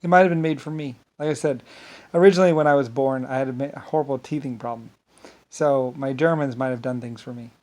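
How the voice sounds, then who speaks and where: Man of ordinary pitch, solo unscripted monologue; grandiose, wandering, circles back on himself. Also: fast talker, darkish tone. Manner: grandiose, meandering, repeats himself. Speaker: solo speaker.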